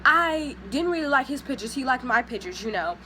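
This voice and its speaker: A woman's voice: high-pitched, fairly quick, slight background noise. Sassy young woman telling a story. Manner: animated, sassy, mimics other people's lines. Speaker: vlogger. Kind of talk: casual storytime vlog.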